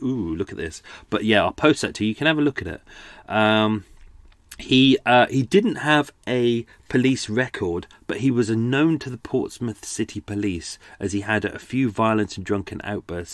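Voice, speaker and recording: A man's voice: lowish voice, no echo. A man hosting a true-crime podcast, talking casually with jokey, rambling asides. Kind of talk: casual chat.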